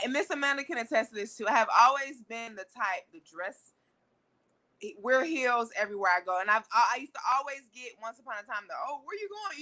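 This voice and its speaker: A woman's voice: fairly high pitch, bright, forceful tone. A young woman hosting a podcast, giving emphatic, preachy pep talk and repeating herself for stress. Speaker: podcast host. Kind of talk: casual motivational chat.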